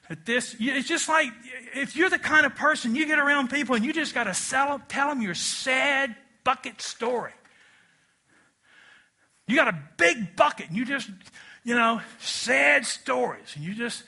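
A man preaching a sermon to a congregation, animated and leading them in call-and-response. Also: very high-pitched, a little slow. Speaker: pastor.

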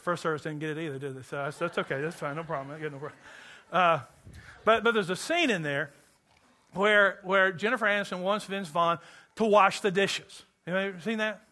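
A man from Kentucky delivers a sermon in church. His voice sits high and sounds bright and forceful. He is animated and jokes with the congregation. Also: brisk. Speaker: pastor.

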